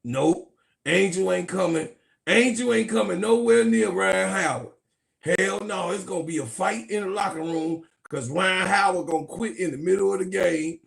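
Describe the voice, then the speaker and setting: A man giving loud, profane, joking sports commentary, laughing and calling out to his viewers. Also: high-pitched, normal speed, creaky. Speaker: sports vlogger. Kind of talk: casual comedic sports commentary.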